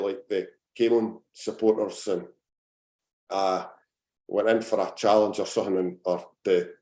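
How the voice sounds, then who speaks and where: A man's voice: lowish voice, darkish tone. A young Scottish man, a podcast guest and former footballer, telling rambling anecdotes in casual chat with lots of fillers. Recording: roomy echo.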